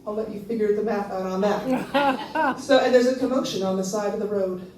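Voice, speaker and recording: A woman in her fifties telling a personal story on stage, animated and laughing often, jumping into a high squeal when she quotes herself. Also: moderate pace. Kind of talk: live storytelling performance. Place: small live venue with an audience. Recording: echoey venue, voice a bit distant, faint background noise.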